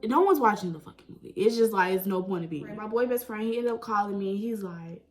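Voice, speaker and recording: A young woman telling a personal story in a chatty, animated way, full of "like" and "right?". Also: medium pitch, brisk, faint music behind, low-quality recording. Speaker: vlogger. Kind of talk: casual storytime.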